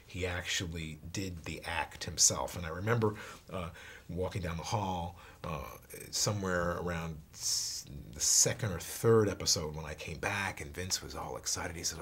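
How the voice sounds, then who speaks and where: Low-voiced man telling a story. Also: fairly bright tone. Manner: halting, repeats and restarts words. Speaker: actor. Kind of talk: storytelling interview answer.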